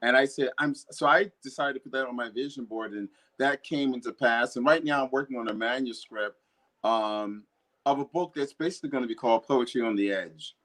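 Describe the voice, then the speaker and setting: A man's voice: mid-range voice, a little fast, a bit bright. Earnest man telling his story. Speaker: poet and guest. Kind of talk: casual conversation.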